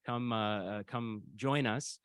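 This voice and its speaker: A man voicing a clever, flattering male fox who coaxes and schemes in a spoken fable. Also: fairly low pitch, takes it slowly, clean tone, no room sound. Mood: coaxing. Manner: sly, coaxing.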